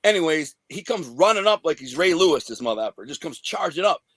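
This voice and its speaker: Brief: streetwise man, slightly high voice, dry close sound, profane storyteller. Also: big pitch swings, fast, fairly bright tone, no room sound. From Detroit area, USA. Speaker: interview guest. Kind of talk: storytelling about his past.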